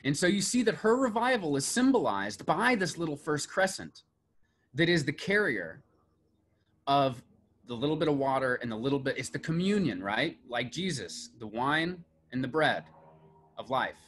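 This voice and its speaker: A man's voice: a little high, sing-song, moderate pace, fairly bright tone. A middle-aged man giving a classroom lecture on myth and story, building emphasis on key lists. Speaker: mythology lecturer.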